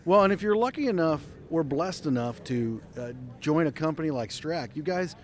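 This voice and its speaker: A man hosting a live podcast conversation, talking casually and pausing to search for the right word. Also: on the high side, lively intonation, slight background noise. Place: outdoor trade skills event.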